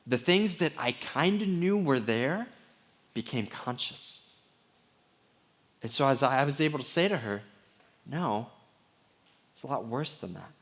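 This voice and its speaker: A middle-aged man preaching a sermon as pastor, candid and conversational, sometimes dropping to a hushed voice. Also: medium pitch, animated, measured pace, long pauses.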